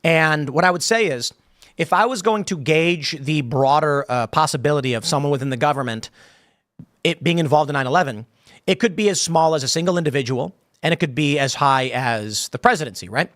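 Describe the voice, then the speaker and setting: A man's voice: a little high, a little fast, fairly bright tone, dry recording, studio quality. A man hosting a live show, reading chat comments and riffing on them in a rambling way, full of fillers and restarts. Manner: rambling, many fillers and repeated starts. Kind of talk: casual live-stream commentary.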